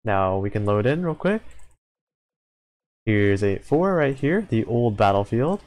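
A man's voice: on the low side, very animated, a little slow, a little mellow, poor audio. A man hosting a casual game guide, walking through items and stats in an explanatory way. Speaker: gaming channel host.

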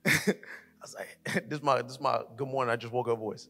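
Male co-pastor, high and bright, very animated sermon delivery, long hall reverb. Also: fast. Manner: animated, acts out his daughter's voice, builds to shouting. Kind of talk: sermon with storytelling. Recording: live church hall reverb with music.

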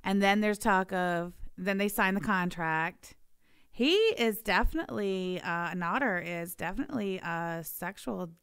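A woman's voice: mid-range voice, a little slow, fairly bright tone, clear, resonant tone, no room sound, clean studio sound. A woman co-hosting a podcast, bluntly recapping a clip in casual, profane commentary. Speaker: podcast co-host.

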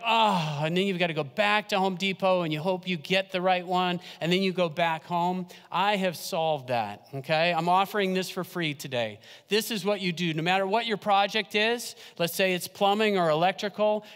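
A male pastor preaching a sermon in a conversational, humorous way, slowing down and dropping his voice to stress key points. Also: high-pitched, fairly bright tone, smooth. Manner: humorous, conversational preaching with slow emphatic drops. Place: church sanctuary. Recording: long church hall reverb.

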